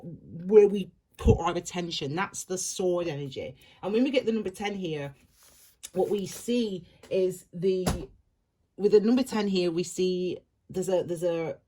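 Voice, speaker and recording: A woman's voice: fairly low pitch, darkish tone, breathy edge. A woman giving an intuitive tarot reading, talking in a reflective, rambling way with many restarts. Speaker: tarot reader.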